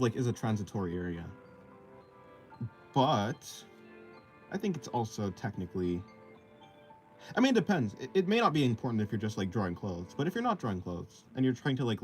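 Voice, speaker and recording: A man's voice: lowish voice, very animated, fairly quick, soft background music. A young man streaming while he draws, reading chat aloud and answering in a hesitant, rambling way with many fillers. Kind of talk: casual live-stream chat while drawing. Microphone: desk microphone, described as muffled by chat.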